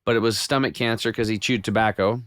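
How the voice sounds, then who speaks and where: Guy on a podcast telling his story, smooth clear voice, dry close mic, keeps restarting sentences. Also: fairly low pitch, fast talker, dry recording. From United States. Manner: animated storyteller with frequent restarts and quoted self-talk. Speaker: podcast guest. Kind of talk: casual storytelling interview.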